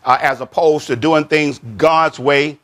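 A man preaching a sermon as pastor, repeating and stressing key words, stretching scripture phrases slowly and sinking his voice at the end of each point, with frequent calls of amen. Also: steady tone, a bit bright. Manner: drops pitch and volume at the end of a point; frequent amen and child of God to the congregation.

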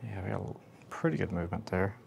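A male chiropractor talking a patient through treatment in a calm, instructive way with the odd light joke. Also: sits low, fast, vocal fry, noisy background.

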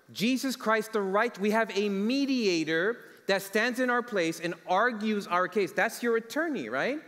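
Male preacher, slightly high voice, storytelling sermon that draws in the congregation, long church reverb. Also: fairly bright tone. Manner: storytelling, asks the congregation questions. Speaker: guest preacher. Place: church sanctuary.

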